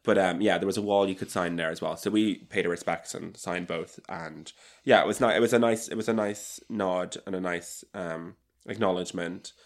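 A man's voice: deep voice, steady tone, normal speed, hardly any pauses. A man co-hosting a podcast, recapping an event in a gushing, rambling casual chat. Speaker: podcast co-host.

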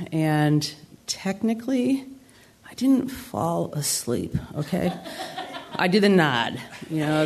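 On a theater stage before an audience, a woman in her sixties from New York's Adirondacks tells a comic, self-deprecating story. Her voice is deep and a little mellow.

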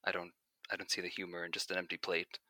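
A man playing in a tabletop game, speaking in a hesitant, polite, halting way. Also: low-pitched, monotone, sharp tone. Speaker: player voicing Thelthu. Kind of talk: tabletop role-play.

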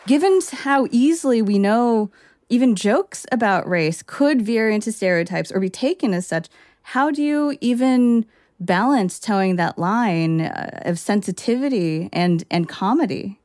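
A woman hosting an interview, asking measured, thoughtful questions. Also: mid-range voice, expressive, a little mellow, dry recording, clean studio sound. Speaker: host. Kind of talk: interview conversation.

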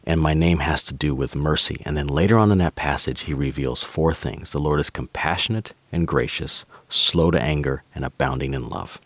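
Man, very low bass voice, dry; pastor-author guest who unpacks scripture calmly. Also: no room sound. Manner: measured, explains scripture by quoting verses. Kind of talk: conversational podcast talk.

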